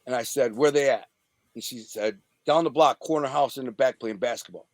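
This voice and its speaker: A man from the Detroit area telling rough, profane stories from his past in a casual, animated way as an interview guest. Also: medium pitch, fairly quick, dry recording. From Detroit area, USA. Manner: streetwise, profane, animated retelling. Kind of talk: casual storytelling.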